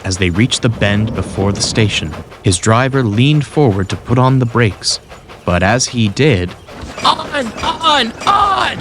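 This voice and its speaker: A man narrating a children's storybook in a scripted, expressive way. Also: fairly low pitch, unhurried, noisy background. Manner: expressive, voices every character. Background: music.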